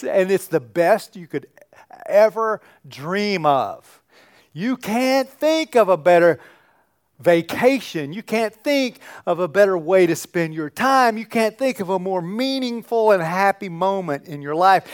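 Man, church class teacher, somewhat high voice, animated, loud emphatic bursts, halting restarts. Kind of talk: teaching on a psalm.

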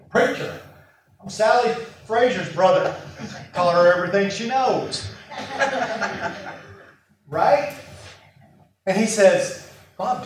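Male preacher, high voice, animated self-mocking storyteller, heard from afar in a very echoey hall. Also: slight background noise. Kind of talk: sermon. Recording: echoey room from far off.

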